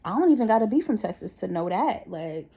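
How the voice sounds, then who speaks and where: A woman's voice: medium pitch, fast, creaky, breathy edge. A woman talking casually, telling stories in a chatty way and acting out what her coworkers said. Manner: chatty, animated quoting of coworkers. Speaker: vlogger. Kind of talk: casual storytelling vlog.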